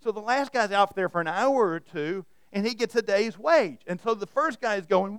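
A man's voice: high voice, expressive, moderate pace, few pauses, clear, resonant tone, no echo, clean studio sound. A man preaching a sermon to a room of listeners, retelling stories and often restarting his words. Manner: storytelling, repeats and restarts words. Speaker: pastor. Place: church hall with audience.

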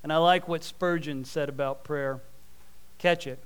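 Male preacher, high and crisp, animated sermon delivery with homey humor. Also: unhurried. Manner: animated storytelling with folksy asides.

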